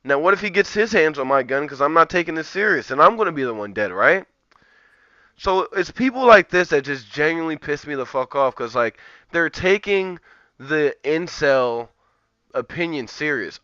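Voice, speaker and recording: A man's voice: high-pitched, lively intonation, moderate pace, sharp tone, no room sound, muffled recording. A man streaming live, ranting profanely and rambling in a heated, casual way. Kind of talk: live-stream commentary rant.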